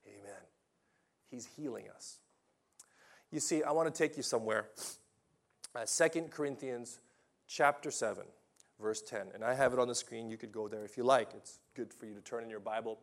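A man preaching a sermon as pastor, with dramatic swings between loud emphasis and quiet asides. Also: mid-range voice, moderate pace, creaky, pauses often.

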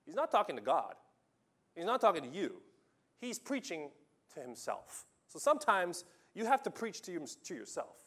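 A man preaching a sermon, telling stories with lively swings from loud urging to hushed, quiet lines. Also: high-pitched, normal speed.

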